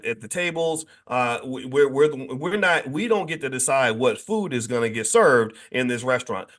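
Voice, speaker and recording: A man hosting a daily morning show, talking in an emphatic, animated monologue full of restarts and repeated words. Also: medium pitch. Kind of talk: casual monologue commentary.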